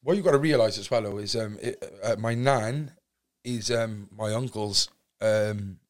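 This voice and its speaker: A man's voice: lowish voice, a little slow. A young man with a Cardiff accent, telling his story as a podcast guest in rambling talk full of fillers and restarts. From Wales. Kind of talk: candid storytelling.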